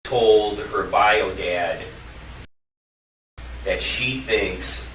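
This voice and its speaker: A male detective questioning a witness in a slow, deliberate way. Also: on the low side, a bit bright. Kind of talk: police interview questioning. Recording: echoey room, distant mic, faint noise.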